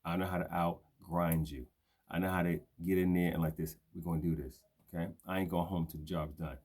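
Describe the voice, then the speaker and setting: Gruff deep-voiced New York guy. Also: fairly even intonation, fairly quick. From Brooklyn, New York. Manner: streetwise slang, shouts out viewers by name. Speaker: host of a live video show. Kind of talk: casual live-stream monologue.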